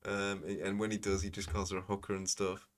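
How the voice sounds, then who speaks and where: A man's voice: sits low, monotone, brisk. A man rambling through sweary, sardonic commentary. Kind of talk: casual commentary.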